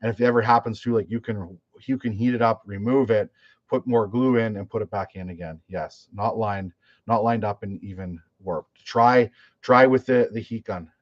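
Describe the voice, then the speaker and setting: A man's voice: on the low side, moderate pace, no room sound. A man, a fishing guide, chatting casually on a live stream, telling stories with many restarts and fillers. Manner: rambling storyteller with many restarts and "like". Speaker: fishing guide and YouTuber hosting a live chat. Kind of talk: casual live-stream chat, reading viewer questions. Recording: dull, lo-fi, dry sound.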